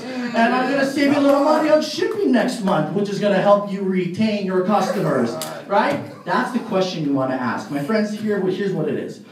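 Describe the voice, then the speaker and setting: A man giving a live motivational speech at a party, telling stories with lots of fillers and frequent laughs. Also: sits high. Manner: animated storyteller, laughs often, many fillers. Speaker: motivational speaker at a sales party. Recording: very echoey hall, far from mic.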